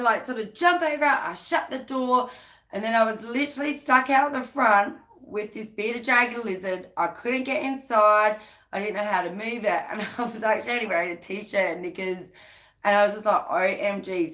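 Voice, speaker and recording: A woman's voice: medium pitch, fairly bright tone. A woman with an Australian accent hosting a casual live stream, chatting freely, laughing often and greeting viewers by name.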